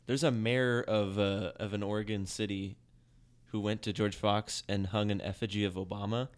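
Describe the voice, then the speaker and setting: A man's voice: on the low side, flat delivery, moderate pace. A young adult man co-hosting a podcast, chatting in a laid-back way and swearing casually. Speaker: podcast co-host. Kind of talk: casual chat.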